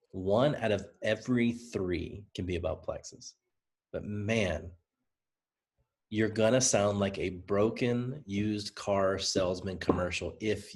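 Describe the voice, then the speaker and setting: A man with a Southern US accent giving a motivational training talk to a team. He speaks in an energetic, conversational, coaching way and repeats points for emphasis. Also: on the low side. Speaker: presenter.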